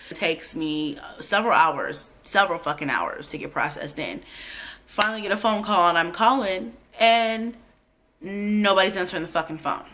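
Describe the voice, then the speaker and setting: A young pregnant woman tells a storytime vlog, blunt and full of cussing. Her voice sits a little low but rings bright and forceful. A faint hiss runs under the recording. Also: normal speed. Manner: profane, blunt, animated storytelling. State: heavily pregnant. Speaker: vlogger.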